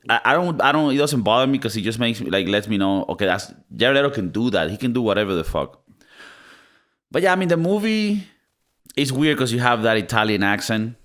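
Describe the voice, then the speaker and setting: Lively low-voiced man in casual chat. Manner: animated, breaks into mock accents and impressions. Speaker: podcast co-host. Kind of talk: casual movie review chat.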